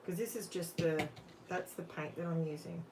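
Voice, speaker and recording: Australian woman, lowish voice, chatty live craft host, a little off-mic, faint room noise. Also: moderate pace, far from the mic. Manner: chatty, thinks aloud, asks viewers questions. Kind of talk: casual chat while crafting.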